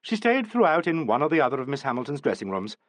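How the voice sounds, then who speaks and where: Expressive male audiobook narrator. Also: medium pitch, fast talker, dry recording. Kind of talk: scripted narration.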